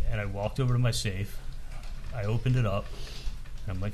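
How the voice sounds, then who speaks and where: A man's voice: lowish voice, steady tone, slight background noise. A man testifying in court, retelling a conversation with frequent stumbles and restarts. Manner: halting, recounts dialogue with many restarts.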